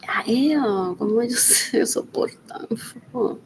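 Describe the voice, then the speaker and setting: A woman rambling through a solo livestream, mixing English and Spanish, drifting between loud talk and near-whispers and repeating questions to herself. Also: mid-range voice, moderate pace, a little hiss or hum, low-quality recording. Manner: mixes English and Spanish mid-sentence.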